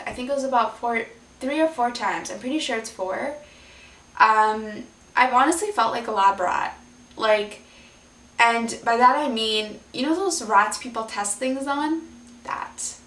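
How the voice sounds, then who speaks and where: A woman's voice: on the high side, fairly bright tone, distant mic. A young woman, a vlogger, talking candidly and rambling to her viewers, her face partly numb. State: left side of face numb, drooling. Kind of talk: personal vlog. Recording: echoey room, voice from off the mic.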